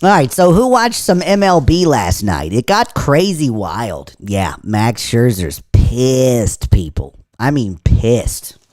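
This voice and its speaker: Helium-high man joking on a livestream. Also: sing-song, slow, few pauses, a little mellow. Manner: crude, joking banter with chat. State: voice altered by inhaled helium. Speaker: sports talk show host. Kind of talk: casual livestream chat.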